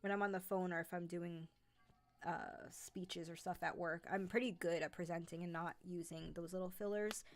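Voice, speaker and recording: With a fairly low, steady voice at a moderate pace, a woman hosting a horror narration channel chats with livestream viewers. A light New York accent and frequent "like" and "um" mark her speech, and there is slight background noise.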